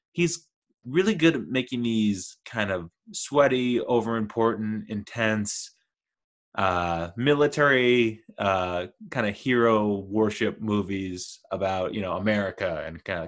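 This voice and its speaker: A man's voice: on the low side, a bit bright. A man giving a casual, rambling, enthusiastic film commentary as a movie reviewer.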